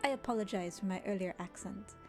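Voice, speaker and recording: A woman's voice: mid-range voice, fast, soft background music, natural voice. A woman reading out the lines of a polite, dutiful guard captain from a video game in a put-on formal manner. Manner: polite, formal, read aloud.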